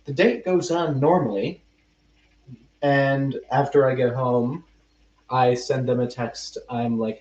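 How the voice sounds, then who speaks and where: A man's voice: medium pitch, fairly even intonation, slow pace, darkish tone. Young male podcast host, self-mocking storyteller, muffled distant sound. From United States. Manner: rambling, self-mocking, restarts mid-sentence. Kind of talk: casual storytelling chat. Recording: roomy, distant and muffled mic.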